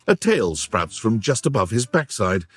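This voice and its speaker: A man reading scripted, measured descriptive narration in a video game. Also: lowish voice, very animated, slightly rough, faint music behind.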